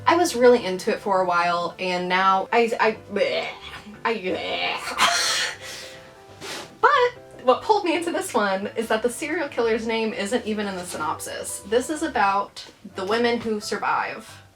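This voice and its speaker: A woman's voice: a little high, lively intonation, moderate pace, a bit bright, faint music behind. A young adult woman hosting a casual reading vlog, chatting about her new books in a playful, rambling, self-deprecating way. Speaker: book vlogger.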